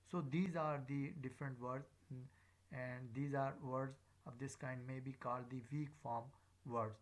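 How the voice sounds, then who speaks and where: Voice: mid-range voice, fairly even intonation, normal speed, poor audio. A pronunciation teacher giving a recorded lecture, hesitant with frequent fillers and drilling example words one at a time.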